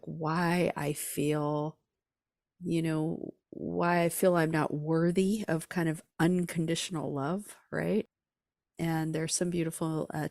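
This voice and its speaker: A woman with a very low, mellow voice, speaking in an earnest, reflective way as a podcast guest. The sound is dry and close, with no room around it. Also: vocal fry, no room sound. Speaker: author and musician guest. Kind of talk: reflective interview talk.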